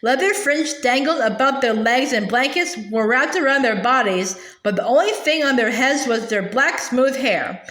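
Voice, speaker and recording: A woman reading a children's novel aloud gently, with small restarts now and then. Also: sits high, animated, moderate pace, few pauses, roomy sound. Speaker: storybook reader.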